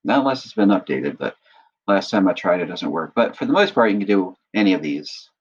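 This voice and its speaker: Guy doing a screen tutorial, lowish voice, keeps asking "right?", kinda dull lo-fi sound. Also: sing-song, fairly quick, breathy edge. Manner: patient step-by-step explaining, often checks in with "right?". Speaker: instructor. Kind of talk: screen-recorded software tutorial.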